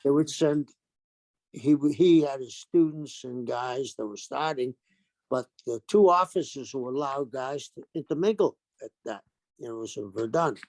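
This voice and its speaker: Gravelly older man telling wrestling stories. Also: medium pitch, normal speed, dry recording. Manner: animated anecdotes with acted-out quotes. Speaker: guest, retired pro wrestler. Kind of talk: storytelling interview.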